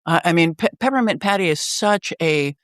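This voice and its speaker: A podcast co-host in casual chat, earnest and lively. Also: medium pitch, moderate pace, no room sound, studio quality.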